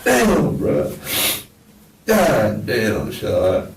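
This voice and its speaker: A man's voice: mid-range voice, very animated, a little slow, vocal fry. A man in police interrogation footage talking remorsefully and repeating himself, recorded in an interrogation room. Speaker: murder suspect in interrogation. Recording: echoey room, mic far off, faint hiss.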